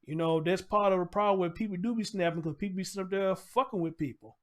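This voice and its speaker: A man with a notably high voice hosts his own commentary show, venting in a blunt, heated rant full of swearing. He keeps circling back to the same points and talks straight to his audience. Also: fast. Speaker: show host.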